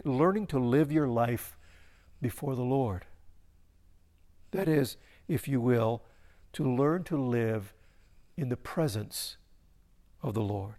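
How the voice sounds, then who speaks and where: A male pastor preaching a sermon who often repeats and restarts his phrases, swinging from emphatic peaks down to quiet, low endings.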